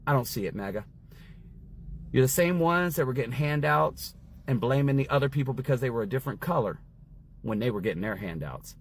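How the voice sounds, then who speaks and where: A man's voice: medium pitch, lively intonation, fairly quick, breathy edge. A man ranting straight to camera on social media in a heated, sarcastic, preachy way. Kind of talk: casual rant to camera. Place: outside a store.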